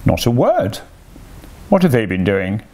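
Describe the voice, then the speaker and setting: Man voicing a male toad, storybook, pompous, excitable, self-pitying, lowish voice. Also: measured pace. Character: boastful excitable male toad, easily upset.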